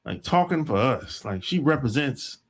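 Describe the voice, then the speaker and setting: A man's voice: mid-range voice, animated, moderate pace. An American man hosting a podcast, talking in a rambling, emphatic opinion monologue full of profanity. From United States. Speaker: podcast host.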